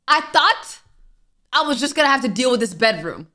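A woman's voice: high voice, sing-song, moderate pace, bright, forceful tone. A woman streamer playing a horror game, reading the on-screen text aloud, muttering item names and letting out jumpy, frightened exclamations. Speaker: gaming streamer. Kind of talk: let's-play commentary.

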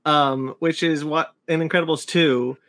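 High-voiced man giggling through stories. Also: fairly even intonation, a little slow, a bit bright. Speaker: podcast co-host. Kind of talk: casual chat.

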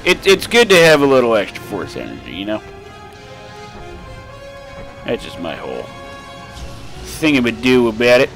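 A young man giving casual, rambling let's play commentary, swearing freely and breaking into sudden shouts. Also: mid-range voice, huge pitch swings, moderate pace, pauses often, faint music behind. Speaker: gaming commentator.

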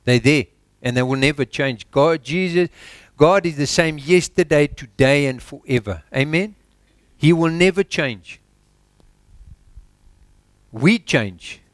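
A South African pastor preaching a sermon in church, exhorting with rhetorical questions and dropping his voice low for emphasis. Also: expressive, slow pace, pauses often, no echo.

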